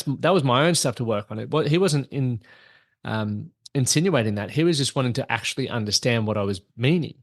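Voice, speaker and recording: A man's voice: medium pitch, no room sound, studio quality. A man hosting his own podcast as a coach, talking in an earnest, motivational, conversational way to his listeners. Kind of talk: solo podcast talk.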